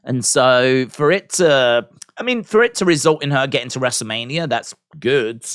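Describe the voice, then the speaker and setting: A man's voice: mid-range voice, animated, moderate pace, a bit bright, smooth, no echo, studio quality. A man hosting a wrestling watch-along live stream, rambling casually with restarts and fillers.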